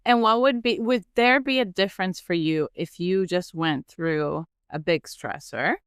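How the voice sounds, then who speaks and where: A woman's voice: fairly low pitch, a little slow, smooth, dry recording, clean studio sound. A woman hosting a podcast, asking thoughtful, probing questions. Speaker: podcast host. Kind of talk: interview questions.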